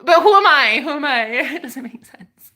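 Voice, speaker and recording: A woman's voice: high voice, expressive, moderate pace, pushed and bright. Sarcastic woman ranting on a livestream. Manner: sarcastic, confrontational, laughing, swearing. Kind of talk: casual livestream rant to chat.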